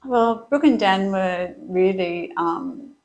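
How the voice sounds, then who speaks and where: A middle-aged woman telling her story as an interview guest, chatty and quick to laugh. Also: mid-range voice, a little mellow, poor audio. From Australia.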